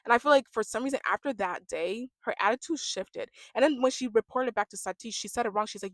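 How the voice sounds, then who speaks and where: Woman, casual rant, mid-pitched voice, acts out quotes, loud then hushed. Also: fast, few pauses, no room sound. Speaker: reality show reviewer.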